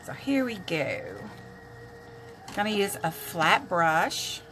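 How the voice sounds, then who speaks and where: Older lady doing her makeup live, chatty, saying hi to folks, lowish voice, a little room hiss. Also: expressive, slow, a bit bright. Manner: chatty, greets viewers by name while applying makeup. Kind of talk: casual live-stream chat.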